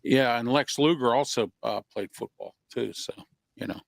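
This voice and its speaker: A man chatting about wrestling on a call-in sports show, with a gravelly, fry-heavy voice. He talks haltingly, stopping often on fillers, and the sound is dry and close. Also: medium pitch, dry recording. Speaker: wrestling guest. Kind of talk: casual talk show chat.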